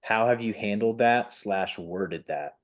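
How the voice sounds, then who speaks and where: A man's voice: lowish voice, measured pace, dull audio. A man who stutters, speaking as a webinar panelist in a casual panel discussion over a video call. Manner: stutters, with repeated sounds and restarts.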